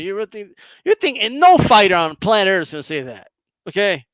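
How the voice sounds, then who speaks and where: A man hosting a live stream, ranting bluntly and sarcastically, swearing and rising to shouts. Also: high-pitched, very animated, fairly quick, no echo. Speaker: boxing commentator and channel host.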